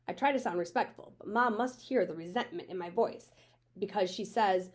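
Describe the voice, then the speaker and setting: Teacher reading a chapter book to kids, woman, steady plain read, middle pitch. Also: normal speed. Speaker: elementary school teacher. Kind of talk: reading a children's book aloud.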